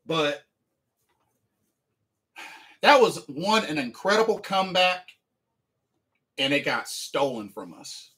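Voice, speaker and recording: A man's voice: fairly high pitch, very animated, slow pace, long pauses, fairly bright tone. A man streaming a sports game recap, talking emphatically and repeating the same phrases again and again. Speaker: livestreamer and sports fan.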